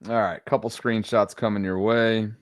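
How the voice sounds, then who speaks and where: A middle-aged man co-hosting a podcast, chatting casually with a playful, drawn-out joking delivery. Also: fairly low pitch, level tone, no echo, clean studio sound. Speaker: podcast co-host. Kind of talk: casual chat.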